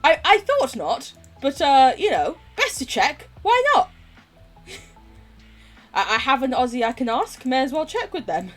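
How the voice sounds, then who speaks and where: A woman's voice: high-pitched, big pitch swings, measured pace, faint music behind. A woman from England with a posh English accent, chatting casually while playing a game on stream, giggly and sweary. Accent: posh southern English. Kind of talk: casual live-stream chat while gaming.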